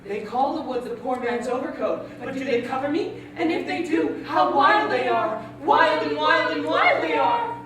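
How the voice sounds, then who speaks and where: A woman's voice: high-pitched, expressive, moderate pace, background noise. A woman playing a frightened girl lost in wild woods. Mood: fearful. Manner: anxious, pleading, repetitive stage speech. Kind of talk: stage play performance. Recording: echoey stage audio from a distant mic.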